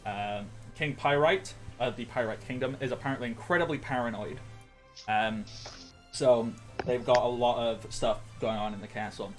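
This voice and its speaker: A man's voice: medium pitch, moderate pace, over music. A man giving a casual, rambling recap of a tabletop role-playing session, full of ums and self-corrections.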